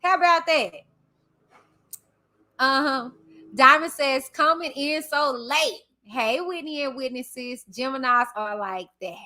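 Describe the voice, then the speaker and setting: A woman from Texas with a Southern accent, hosting a livestream and reading viewer comments aloud in a loud, passionate, chatty way. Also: high voice, measured pace. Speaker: livestream host reading chat. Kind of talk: casual chat with viewers.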